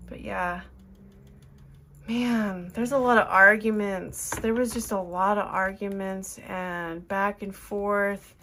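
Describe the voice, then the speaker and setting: A woman's voice: mid-range voice, slight background noise. A woman giving an earnest, emotional tarot reading, rambling with fillers as she talks to her viewers. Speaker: tarot reader.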